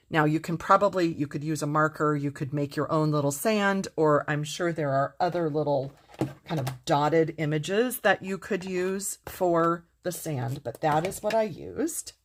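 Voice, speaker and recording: A woman's voice: deep voice, measured pace, a little hiss or hum. A middle-aged woman teaching card making in a casual demonstration, gushing with enthusiasm and talking straight to her viewers.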